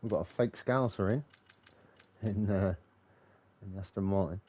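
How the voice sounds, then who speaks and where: Speaking at a moderate pace, a low, mellow-voiced man provides live commentary on a racing league. His style is easygoing and conversational, with musings between updates.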